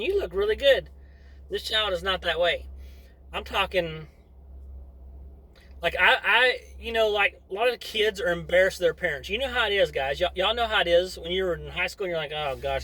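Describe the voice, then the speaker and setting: A middle-aged man, a father who vlogs, talks to camera in a meandering, casual monologue full of side remarks. He has a high, pushed, bright voice, and the audio is poor.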